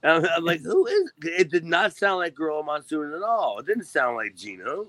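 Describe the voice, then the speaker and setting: A man's voice: on the high side, animated, normal speed, a crowd in the background. A man, a former wrestler guest, chatting casually with rambling restarts, laughs and cussing. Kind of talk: casual chat.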